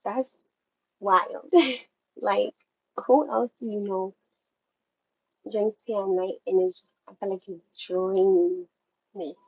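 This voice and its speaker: A woman's voice: mid-range voice, fairly even intonation, slow pace, long pauses, muffled recording, slight background noise. A woman from New York chatting casually to her livestream viewers while cooking at home, rambling and talking straight to them. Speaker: livestream host.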